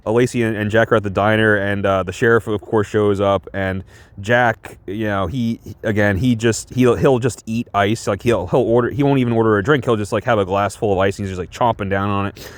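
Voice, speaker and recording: A man's voice: lowish voice, steady tone, brisk, dry recording. A man casually talking through a movie he reviews, rambling with lots of fillers and restarts and chuckling often. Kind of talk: casual film review chat.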